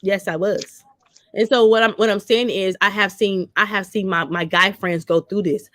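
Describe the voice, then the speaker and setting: A woman's voice: mid-range voice, steady tone, moderate pace, fairly bright tone, dry recording, studio quality. A woman hosting a talk show, telling personal stories bluntly and animatedly and slipping into the voices of the people she quotes. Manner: blunt, salty. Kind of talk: candid personal storytelling.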